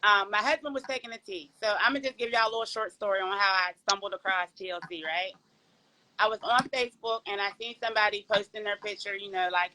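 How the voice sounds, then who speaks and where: A woman's voice: medium pitch, a little fast, low-quality recording. A woman from Pittsburgh with a Pittsburgh accent, a podcast guest chatting casually and animatedly about her experience, talking straight to the listeners. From Pittsburgh, Pennsylvania. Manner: animated, talks to the audience as y'all, folksy. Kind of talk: casual testimonial chat.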